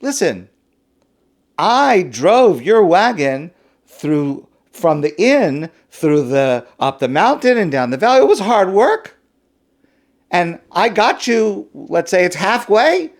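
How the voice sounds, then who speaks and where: A sly male thief in a told parable, wheedling and bargaining, his voice pitched up and swinging widely, as a preacher puts him on. He talks his way toward a reward he has no right to. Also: big pitch swings, measured pace, vocal fry, long pauses, darkish tone, full character voice. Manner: coaxing, self-justifying storyteller's voice.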